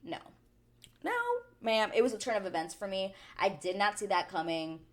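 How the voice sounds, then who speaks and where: A woman hosting a chatty reality show recap, animated and quick to act out the people she talks about. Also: mid-range voice. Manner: animated, chatty, drops into quoted voices. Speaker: TV recap vlogger.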